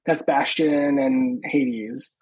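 A man's voice: mid-range voice, steady tone, very slow, darkish tone, husky, rough recording. A man co-hosting a podcast in casual chat, offhand and full of fillers as he reads out news items.

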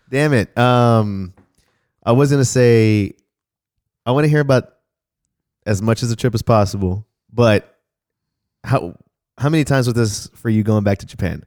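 A man's voice: mid-range voice, lively intonation, slow, pauses often, darkish tone, dry recording, studio quality. A man hosting a casual chat who laughs often and swears freely.

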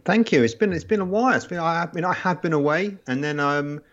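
A man from England co-hosting a soccer podcast, with halting, self-deprecating speech and laughter. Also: on the high side, a bit bright, lo-fi sound. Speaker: podcast co-host. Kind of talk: casual sports podcast chat.

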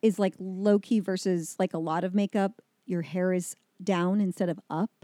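Chatty woman with a mellow voice. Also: lowish voice, normal speed, no room sound, studio quality. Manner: chatty, animated storytelling with acted-out quotes. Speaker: actress guest. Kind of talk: casual chat.

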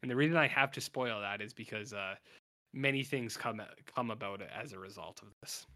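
A man's voice: fairly low pitch, brisk, bright, forceful tone. A man co-hosting a podcast, rambling through an episode recap and acting out the characters' lines. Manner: rambling, self-interrupting, acts out characters' lines. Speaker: podcast co-host. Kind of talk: casual episode recap chat.

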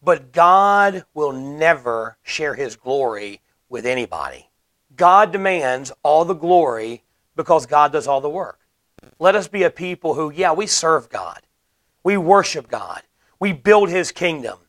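A man delivers a sermon with earnest conviction, his voice sitting somewhat high for a man. He explains scripture plainly and drives points home by repeating them. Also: big pitch swings, unhurried, a bit bright. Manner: earnest, explanatory preaching with emphatic repetition. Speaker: preacher.

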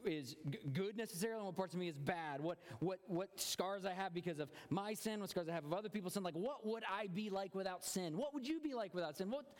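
A man's voice: sits high, fast, hardly any pauses, long reverb tail. A man preaching a sermon as a pastor, earnest and often repeating words as he searches for them.

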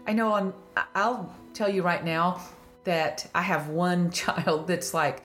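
A woman's voice: lowish voice, steady tone, takes it slowly, a bit bright, soft background music. A woman with a Southern country accent hosting a casual faith-based podcast, laughing often and telling stories with animation. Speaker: podcast host.

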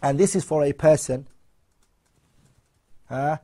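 A man's voice: fairly high pitch, slow pace, dark tone. Man teaching a numbered religious lesson. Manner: explains point by point, asks the audience questions; switches between English and Arabic readings. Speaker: Islamic teacher.

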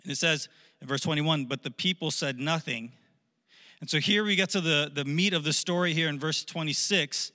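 Bright-voiced man preaching in a hall. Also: on the high side, normal speed. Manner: joking, animated storytelling. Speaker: pastor. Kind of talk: sermon.

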